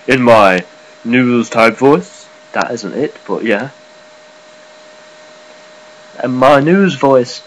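A man giving a casual, rambling vlog update, swearing offhandedly and filling pauses. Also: fairly low pitch, slight background noise, rough recording. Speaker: gaming and news vlogger.

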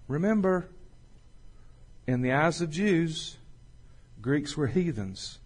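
A man preaching a sermon as pastor, slowing and swelling when he reads scripture. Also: fairly high pitch, sing-song. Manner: folksy, swells louder and slower on scripture.

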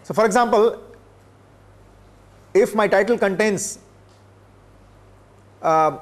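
An older man from India, giving a classroom lecture in a measured way, pausing often with filler sounds. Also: sits high. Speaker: professor. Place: lecture room.

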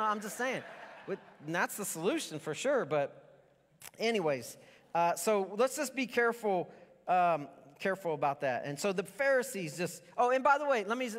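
A man's voice: high voice, fairly bright tone. A middle-aged male pastor preaching a casual, conversational sermon full of asides and restarts. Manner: informal, rambling asides and restarts. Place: church sanctuary. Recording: long church reverb.

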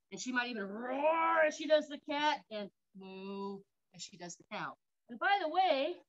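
Peppy lady coaching an outdoor workout, high voice, kinda dull lo-fi sound, bit winded. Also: pushed and bright. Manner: upbeat, counts reps aloud, cheers. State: out of breath. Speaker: park guide leading a workout. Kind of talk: instructional exercise demonstration.

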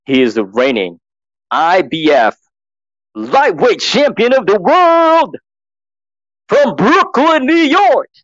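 A man imitating a booming male boxing ring announcer, stretching out the words as they rise toward the names. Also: fairly bright tone, no room sound, lo-fi sound, exaggerated voice. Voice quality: drawn-out, rising announcer delivery.

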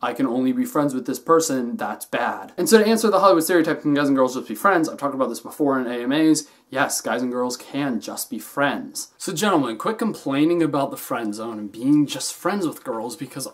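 A young man talking straight to camera on his own channel. His voice sits in a middle pitch range, and he keeps the delivery playful and animated, jumping from loud emphatic bursts to soft, muttered asides. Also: fairly quick, hardly any pauses. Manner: animated, jokey, swings between loud and soft. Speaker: vlogger host. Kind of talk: casual talking-head vlog.

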